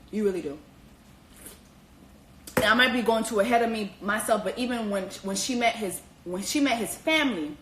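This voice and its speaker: A woman giving a blunt, profane, animated comedic recap full of slang. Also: a little high. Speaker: vlogger recapping a reality show. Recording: echoey room.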